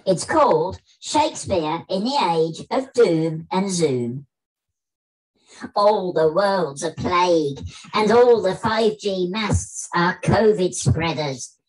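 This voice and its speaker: Man voicing a high, indignant old thespian, comic monologue, wide-ranging pitch. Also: lively intonation, takes it slowly, poor audio. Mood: blustering. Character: squeaky-voiced famous bombastic older male actor. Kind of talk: comic spoken-word performance. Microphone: video call.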